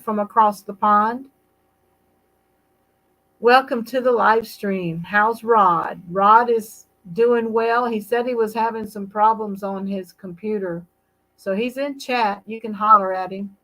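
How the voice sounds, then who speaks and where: An older woman hosting a casual live stream, talking gently and reading chat comments aloud. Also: medium pitch, fairly even intonation, poor audio. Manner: unhurried, gentle, reads chat aloud between stories. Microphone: computer mic on a live stream.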